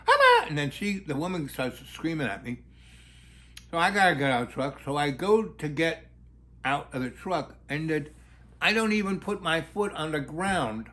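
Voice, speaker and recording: A man's voice: on the high side, a bit bright. A middle-aged man telling a long story in a rambling way, full of fillers and restarts.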